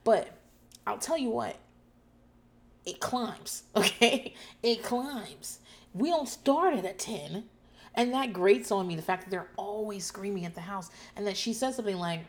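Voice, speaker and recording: A woman host talking casually and loudly about a show, profane and animated, acting out people's lines in shouts. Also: mid-range voice, unhurried. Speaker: podcast host recapping a TV show. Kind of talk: casual chat.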